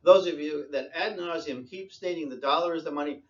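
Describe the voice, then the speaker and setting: A man's voice: on the high side, a little fast, muffled recording. A man giving an insistent lecturing monologue, repeating his points and scolding listeners. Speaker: commentator.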